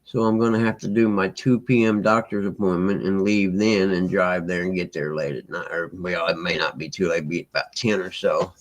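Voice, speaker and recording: A man's voice: sits low, fairly even intonation, moderate pace, few pauses, poor audio. A man hosting a live stream, rambling in a laid-back way and chatting to viewers by name. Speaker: livestream host reading chat. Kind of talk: casual live-stream chat.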